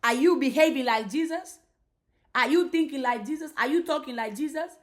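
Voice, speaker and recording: A woman's voice: sits high, a little fast. A woman giving an emphatic motivational faith talk on a live stream, repeating herself and restarting lines as she goes. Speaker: faith and mindset creator.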